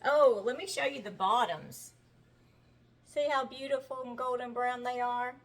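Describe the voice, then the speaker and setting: A woman's voice: a little high, fairly even intonation, unhurried. A middle-aged woman with a Southern American accent, chatting in a homey, folksy way as she bakes in her home kitchen. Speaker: home-cooking vlogger. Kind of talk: casual cooking demonstration.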